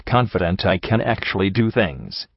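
Here a low-voiced man gives a nervous young pegasus mare in a storybook, hesitant and torn, speaking in an unchanged low register. The sound is dry and a little dull and lo-fi. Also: animated, moderate pace, vocal fry, breathy edge, no echo, full character voice. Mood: anxious. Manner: hesitant, conflicted. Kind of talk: audiobook reading.

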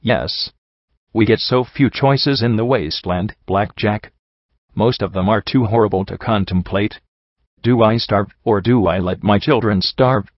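A man voicing a calm, sorrowful male pony priest in an audiobook reading, speaking in a measured, gently reasoning way. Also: on the low side, no echo. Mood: solemn. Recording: dull lo-fi dry recording.

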